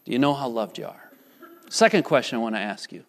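A man's voice: mid-range voice, expressive, fast. A man preaching a sermon earnestly, putting repeated questions to his congregation in a church. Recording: church hall reverb.

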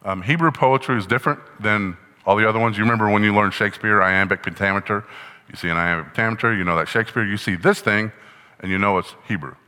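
Bright-voiced male pastor in a reverberant hall. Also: on the low side, fast, clean tone. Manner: conversational teaching, asks the congregation questions. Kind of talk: sermon.

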